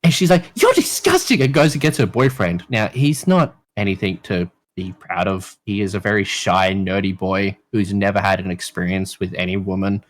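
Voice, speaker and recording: A man with an Australian accent, a podcast guest telling a crude story in a casual, lively way and swearing often. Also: low-pitched, normal speed, hardly any pauses.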